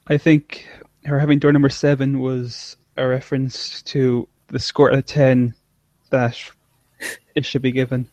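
A man's voice: mid-range voice, little pitch movement, a little slow, darkish tone, dry recording. A man co-hosting a casual chat, rambling and often trailing off mid-thought. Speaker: podcast co-host. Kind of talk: casual chat reviewing an episode.

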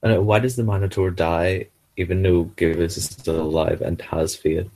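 A man co-hosting a casual chat about an episode, pausing to search for words. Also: deep voice, steady tone, gravelly, mellow. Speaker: podcast co-host.

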